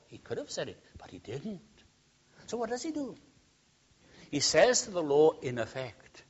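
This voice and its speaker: A man preaching a sermon, swinging between loud emphatic peaks and quiet, humorous storytelling asides. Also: medium pitch, sing-song, a little slow, pauses often, husky. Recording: dull lo-fi sound.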